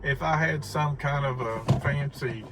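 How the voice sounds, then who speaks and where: A man's voice: medium pitch, a little slow, a bit bright, slight background noise, rough recording. A middle-aged man, rambling in a casual vlog monologue from a parked car, repeating himself and swearing when he gets angry. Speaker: vlogger. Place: parked car in heavy rain.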